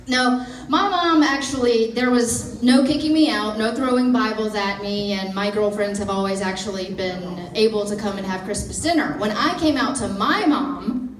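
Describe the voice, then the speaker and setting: A woman, telling an animated, self-mocking stand-up story. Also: medium pitch, unhurried. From Mississippi, USA. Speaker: stand-up comedian. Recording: roomy, from far off.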